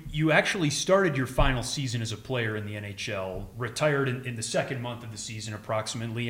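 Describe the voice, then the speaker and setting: A male interviewer asking questions in a halting, hesitant way. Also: medium pitch, a bit bright. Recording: echoey room.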